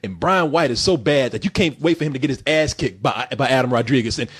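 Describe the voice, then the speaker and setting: A husky-voiced man chats through a movie review in a loose, comedic way. His pitch jumps all over as he acts out lines from the film and laughs between them. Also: lively intonation, quick pace, a bit bright.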